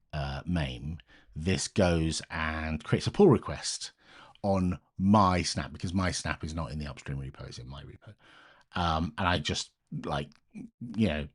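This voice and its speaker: A middle-aged British man with a British accent, rambling casually to live-stream viewers as he works through open source maintenance at his computer, often breaking off mid-sentence. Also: extremely low pitch. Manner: rambling, self-interrupting, chatty with viewers. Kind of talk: casual live-stream chat while coding.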